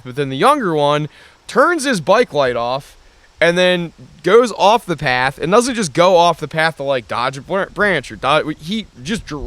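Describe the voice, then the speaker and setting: Smooth-voiced man telling a rambling story. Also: a little high, a bit bright, dry recording. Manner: rambling, profane, lots of fillers. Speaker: podcast host. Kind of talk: casual storytelling chat.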